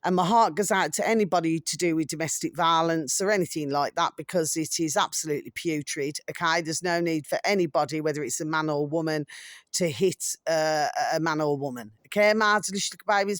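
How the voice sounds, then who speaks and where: A woman's voice: sits low, dry recording, clean studio sound. A middle-aged woman from South Africa hosting a casual opinion monologue, chatty and repetitive, fond of endearments for her viewers. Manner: chatty, repeats "my delicious little babies". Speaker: channel host.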